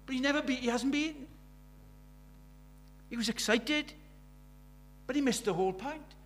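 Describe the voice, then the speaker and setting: A middle-aged man preaching a sermon. He drops to near-whispers and then rises to loud, urgent questions. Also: very high-pitched, a little slow. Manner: swings from hushed intimacy to loud urgent questions.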